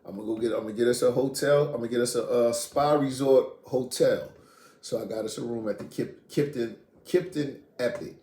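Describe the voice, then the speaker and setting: A middle-aged man from Queens, casually telling a story in street slang and profanity, animated and blunt. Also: medium pitch, brisk. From Queens, New York. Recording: echoey room, faint noise.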